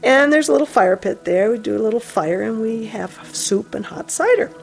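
A woman's voice: fairly high pitch, lively intonation, moderate pace, gravelly. Chatty woman telling a casual story. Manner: chatty, laughing, soft asides.

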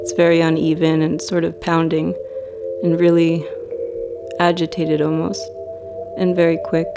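A woman telling a personal story in a slow, reflective, dreamy way. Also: deep voice, monotone, gravelly. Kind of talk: personal story told to an audience. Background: loud music.

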